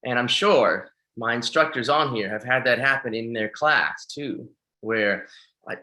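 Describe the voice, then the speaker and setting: Bright-voiced man lecturing in a webinar. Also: mid-range voice, a little slow. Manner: energetic, keeps checking in with "right?" and "okay?". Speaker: fitness instructor. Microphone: webinar microphone.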